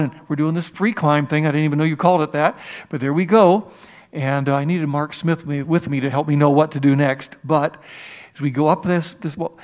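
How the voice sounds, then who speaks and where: A man preaching a sermon as pastor, telling a personal story with many halting restarts. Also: on the high side. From United States.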